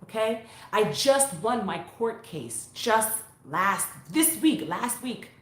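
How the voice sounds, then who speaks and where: A woman chatting casually with viewers on her phone, animated and talkative. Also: fairly high pitch, slow pace. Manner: animated, chatty, bursts into sung vocal runs. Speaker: vlogger. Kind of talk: casual live chat to viewers. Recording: echoey room on a phone.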